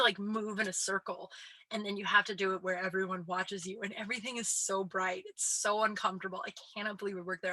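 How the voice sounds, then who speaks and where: A woman's voice: mid-range voice, bright, forceful tone, dry recording. A woman in her late thirties hosting a podcast, telling stories in a chatty, self-deprecating way, filling her talk with "like" and casual swearing. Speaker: podcast host and comedian. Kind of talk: casual storytelling monologue.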